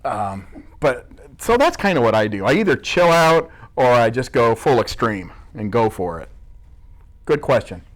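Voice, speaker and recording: A man's voice: medium pitch, big pitch swings, normal speed. A middle-aged man from Iowa, answering interview questions in a casual, joking way and teasing himself as he tells stories. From Midwest US, Iowa. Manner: joking, self-mocking storyteller. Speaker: school staff member being interviewed.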